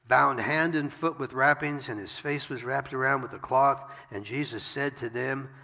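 A man's voice: mid-range voice, unhurried, vocal fry, pushed and bright, long reverb tail. A man preaching a sermon, reading scripture aloud and breaking in with wry asides. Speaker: pastor.

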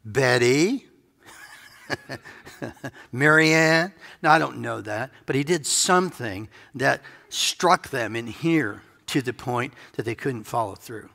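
Gravelly, bright-voiced man preaching in a hall. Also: medium pitch, lively intonation, unhurried, hardly any pauses. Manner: conversational, musing, playful asides. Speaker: pastor. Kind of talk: sermon. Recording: reverberant hall.

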